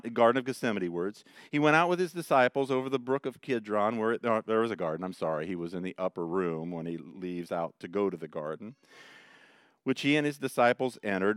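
Male pastor, sermon delivery, smooth clear voice, dry close sound, animated retelling. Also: medium pitch, no echo. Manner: animated, dramatic retelling with rising emphasis. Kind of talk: expository sermon.

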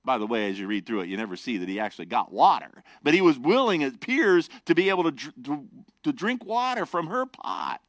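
A man preaching a sermon, animated and emphatic as he explains scripture to his congregation. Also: a little high, brisk, no room sound. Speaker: pastor.

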